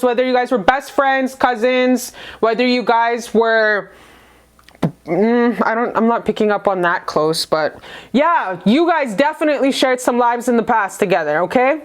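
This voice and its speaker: A woman giving a casual tarot reading to camera, gushing and affectionate, full of profanity and slang. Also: a little high. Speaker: tarot reader.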